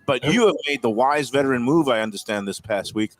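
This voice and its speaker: A middle-aged man hosts live from a sports pub in a loose, rambling way. He pokes fun at himself and speaks through a headset mic at an ordinary, mid-range pitch. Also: animated, a little fast, dry recording. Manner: loose, self-mocking, rambling. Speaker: radio show host. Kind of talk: live casual sports-talk banter.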